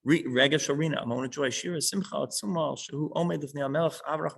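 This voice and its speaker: A man's voice: on the high side, fairly even intonation, quick pace, vocal fry, a bit bright, slightly rough, poor audio. A man teaching a small class who reads a line of text and then patiently unpacks it.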